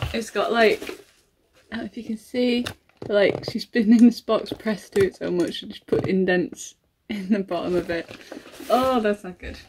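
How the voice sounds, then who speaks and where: A woman gushing excitedly through an unboxing vlog, gasping and giggling as she talks. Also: fairly high pitch, background noise. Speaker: collector unboxing a model horse. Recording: voice a little far from the mic.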